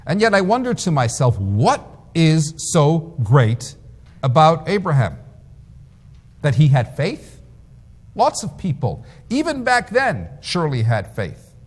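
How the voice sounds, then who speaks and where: A rabbi delivering a sermon, telling stories with emphatic, lively delivery. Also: male voice, on the high side, measured pace, breathy edge. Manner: storytelling, emphatic. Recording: long reverb.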